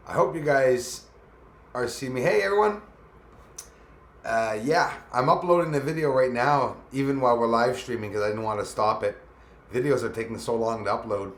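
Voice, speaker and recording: Chatty man streaming live in an echoey room. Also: medium pitch. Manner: chatty, rambling, greets viewers by name. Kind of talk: casual live-stream chat reading comments.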